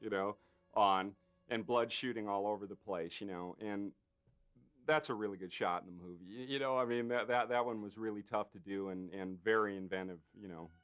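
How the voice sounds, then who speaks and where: A male special effects artist tells an anecdote in an interview. His voice sits a little low, and he gets animated, throwing in plenty of fillers and acting out other people's lines. Faint music plays underneath. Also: fairly quick, clean tone.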